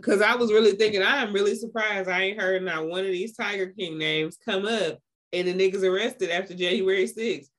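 A podcast co-host in casual chat with a stuffy nose, expressive and profane, laughing often and acting out quotes. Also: medium pitch, brisk. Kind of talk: casual chat recapping a TV series.

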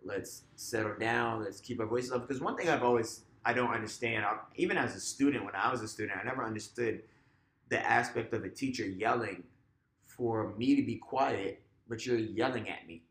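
A man who works as a teacher talks casually on a podcast, leaning on "like" and "you know" as he goes. His voice sits in a middle pitch, and the room around him rings with echo. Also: fairly quick. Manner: relaxed, filler-heavy, acts out classroom voices. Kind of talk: casual conversational chat.

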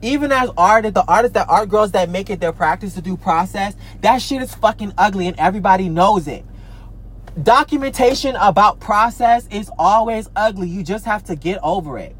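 Husky, high-pitched, and expressive, a man talks at a moderate pace in an angry vlog rant to camera. He's an artist and social media creator whose heated, profane delivery repeats itself with many restarts, stammering, and trails off into "I don't know."

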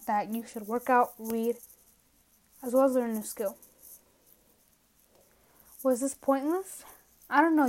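A young woman with a slightly high voice talks alone into her podcast from home. She rambles in a casual, self-mocking way, trails off into asides, and sounds a little out of breath. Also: darkish tone. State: a bit out of breath. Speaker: podcast host. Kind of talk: casual solo rant. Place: at home, indoors.

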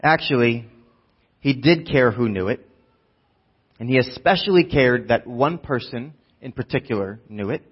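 A man preaching a sermon in an animated way, acting out voices and dropping quiet for emphasis. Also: medium pitch, normal speed, husky, lo-fi sound. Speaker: pastor.

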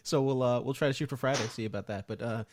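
A man hosting a casual podcast, his voice hoarse and cracking from a cold, easygoing in manner. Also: mid-range voice, quick pace, heavy background noise. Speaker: podcast host.

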